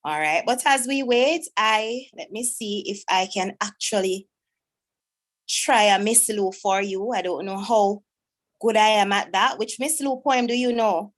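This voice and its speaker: Slow-talking teacher. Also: female voice, medium pitch. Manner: chatty, self-deprecating, stalling while searching. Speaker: teacher hosting a school event. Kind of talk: casual talk to pupils online.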